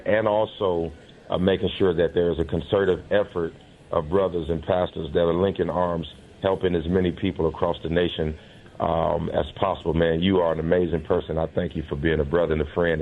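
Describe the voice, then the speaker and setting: A man who is a pastor speaks into the show over a phone line. His voice is very deep and comes through thin and tinny, with faint noise behind it. He talks earnestly and pauses often with ums. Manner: warm and earnest, many ums. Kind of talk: casual phone-in chat.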